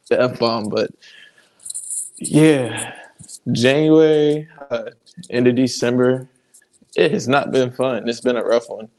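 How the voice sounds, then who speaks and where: A man with an average-pitched voice joins a podcast chat while walking around at work. He sounds a bit winded as he talks things through in a reflective way. His pauses and light laughs keep the tone relaxed. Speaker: podcast co-host.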